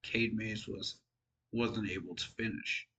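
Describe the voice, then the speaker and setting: A man's voice: lowish voice, fairly even intonation, unhurried, pushed and bright, muffled recording. Tired man rambling about football. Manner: rambling, frank, self-deprecating. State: tired, yawning. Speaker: sports fan vlogger. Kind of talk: casual football commentary.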